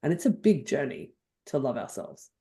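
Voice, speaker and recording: An older woman with an Australian accent, a guest on a podcast interview, telling stories in an effusive, animated way. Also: rumbling low, normal speed. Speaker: guest NLP trainer.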